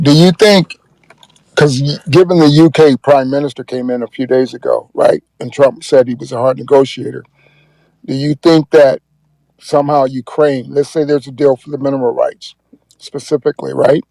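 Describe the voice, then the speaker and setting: A man's voice: mid-range voice, fairly even intonation, moderate pace, creaky, dark tone, dry recording, poor audio. A man on a live debate panel putting a blunt, profane question to a guest.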